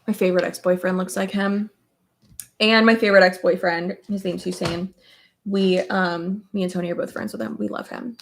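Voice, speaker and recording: A woman's voice: lowish voice, little pitch movement, fairly quick, vocal fry, a little mellow, slight background noise. A woman livestreaming as a beauty creator, chatting casually while she does her makeup, rambling with lots of filler words.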